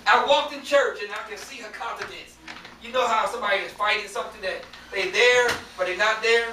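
A man preaching a sermon to a congregation that answers him, rising at times to shouts. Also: sits high, a little fast. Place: church. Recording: echoey church, distant mic, faint hiss.

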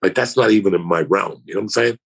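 A man's voice: deep voice, fast, heavy background noise. A man telling a profane, rambling story on a podcast, acting out the other people's voices. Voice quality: gravelly, husky voice. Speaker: comedian guest telling a story.

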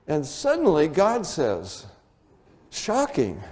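A man preaching a Bible teaching sermon in an animated way, often rising to excited high exclamations. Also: normal speed.

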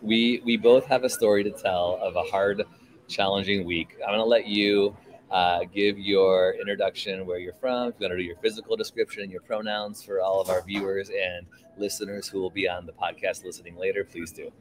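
This low-voiced man speaks in a steady tone at normal speed, captured on a low-quality recording. He's a San Francisco Bay Area podcast host doing a casual live chat, upbeat and informal, via video call from a coffee shop where the crowd chatters in the background.

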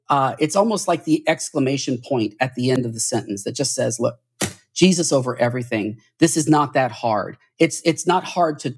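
A man with a husky voice talks as a podcast guest, earnest and preachy. He restarts his phrases often and climbs higher in pitch when a point moves him. His delivery is heartfelt and insistent. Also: a little mellow. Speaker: podcast guest, church author. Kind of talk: podcast interview.

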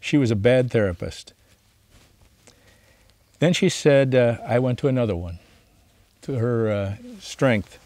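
A man's voice: mid-range voice, a little slow, long pauses, no room sound. A male pastor giving a seminary lecture, reading a story aloud and asking his listeners rhetorical questions. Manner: animated, asks the class rhetorical questions.

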